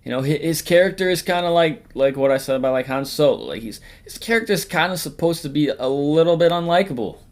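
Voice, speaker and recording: A man's voice: fairly high pitch, animated, quick pace, few pauses. A man hosting a casual tier-list ranking, talking in a rambling, jokey way, swearing often and sometimes trailing off into mumbles and whispers. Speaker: host.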